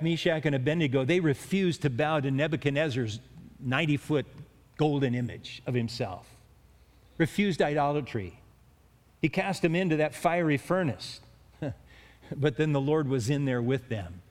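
A man preaching a sermon in an earnest way, with stumbling restarts and emphatic rises on key words. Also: on the high side. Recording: long hall reverb.

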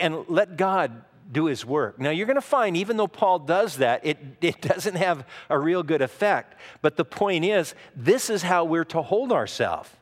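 A man preaching a sermon as a pastor, teaching in an earnest, conversational way with frequent asides. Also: fairly high pitch. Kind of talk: expository sermon. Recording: long reverb of a large hall.

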